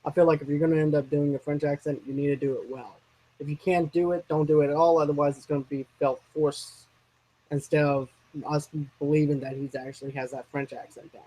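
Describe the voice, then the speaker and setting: A movie discussion channel co-host with a slightly raised pitch chats casually about films, a little fast and on poor audio. Relaxed and conversational, he rambles, stumbles over words, restarts, trails off mid-thought and circles back to his points.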